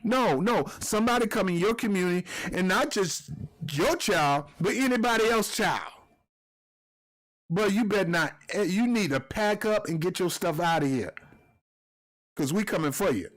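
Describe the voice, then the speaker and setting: A man's voice: high-pitched, animated, normal speed, fairly bright tone. A man hosting his own commentary video, talking in an emotional, fired-up rant.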